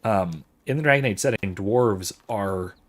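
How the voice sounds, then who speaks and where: Lower-voiced man musing over his game. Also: unhurried. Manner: musing, thinks aloud with frequent restarts. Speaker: host of a let's-play and discussion series. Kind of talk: livestream commentary while gaming, reading out chat.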